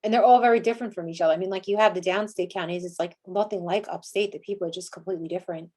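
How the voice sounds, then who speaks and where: A woman's voice: lowish voice, fairly even intonation, racing, mellow. A woman hosts a podcast in a casual, chatty way. She keeps dropping "like" into her sentences as she talks her thoughts through. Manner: chatty, many "like" fillers. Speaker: podcast host.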